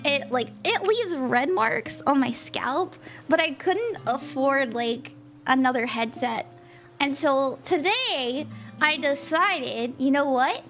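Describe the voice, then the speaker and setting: A bubbly young woman with a high, very lively voice chats with her live-stream viewers, giggling between sentences. Soft music plays faintly in the background of her home setup. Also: slow. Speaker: tarot reader and spell-casting streamer. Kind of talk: casual live-stream chat.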